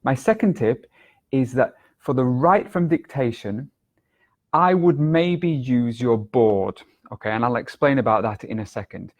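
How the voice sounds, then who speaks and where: A man teaching a video lesson as an English exam tutor, speaking clearly and deliberately and exaggerating intonation to demonstrate. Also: mid-range voice, animated.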